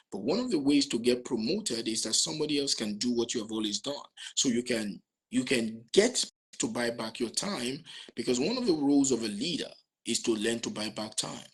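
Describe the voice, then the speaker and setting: A man's voice: mid-range voice, a bit bright, slightly rough. A man giving a motivational lecture, repeating phrases and asking rhetorical questions. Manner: repetitive, asks rhetorical questions. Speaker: motivational speaker.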